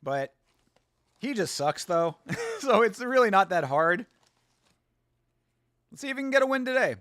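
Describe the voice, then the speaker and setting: A man hosts a live watch-along stream in loose, rambling chat, often restarting his sentences as he spins a story. His voice sits on the higher side for a man. The sound is dry and close with little room echo. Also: very animated, unhurried, a bit bright. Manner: chatty, rambling, with restarts and laughs.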